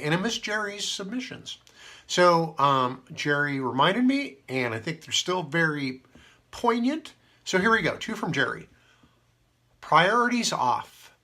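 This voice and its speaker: A man's voice: mid-range voice, creaky, pushed and bright. A man hosting a casual radio show, rambling through stories with many fillers and asides. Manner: meandering, full of fillers and asides. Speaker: radio host.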